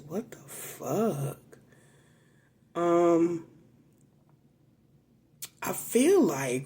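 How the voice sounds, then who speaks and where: Chatty woman with a gravelly low voice. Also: lively intonation, slow, pauses often, mellow. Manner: chatty, emotional, swears freely. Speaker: tarot reader. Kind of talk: casual tarot reading to camera.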